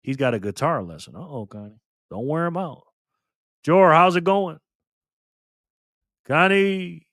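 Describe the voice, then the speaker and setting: A man hosting a casual livestream, reading and answering the chat excitedly. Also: fairly high pitch, unhurried, pauses often, dry recording, studio quality. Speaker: livestream host.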